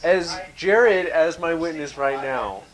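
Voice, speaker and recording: A man's voice: on the high side, slow, a bit bright. A young man co-hosting a casual sports chat, joking and playful. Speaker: co-host.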